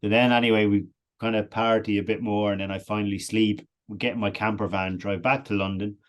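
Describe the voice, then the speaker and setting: A man with an Irish accent spins a long, rambling anecdote, his voice sitting a little low. He talks casually and keeps breaking into laughter as he goes. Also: brisk. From Ireland. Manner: animated anecdotal, laughs often. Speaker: podcast guest. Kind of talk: casual storytelling.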